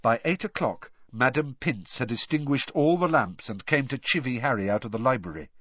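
A male audiobook reader with a lively, rising and falling pitch, telling the story expressively. The sound is dry and a little dull, like a close booth recording. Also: brisk, husky, dry recording. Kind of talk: scripted narration.

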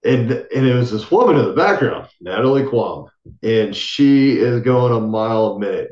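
A man, a military veteran, telling a long personal story in a casual podcast interview, acting out what others said and often trailing off quietly. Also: medium pitch, expressive, moderate pace, roomy sound, muffled recording. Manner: casual, acts out quoted voices, trails off softly.

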